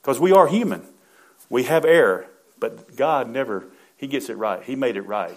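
Male pastor, middle-aged; fervent sermon delivery, frequent amens, surges to loud emphasis. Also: mid-range voice, expressive, moderate pace.

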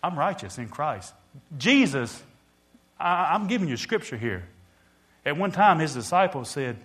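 A preacher delivering a sermon, swelling loud and dropping quiet, calling out to the congregation. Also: male voice, a little high, sing-song, unhurried, pauses often.

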